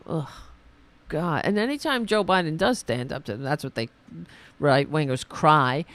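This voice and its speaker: A woman hosting a political commentary podcast, ranting sarcastically and mocking opponents in high put-on voices. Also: normal speed, fairly bright tone, no echo.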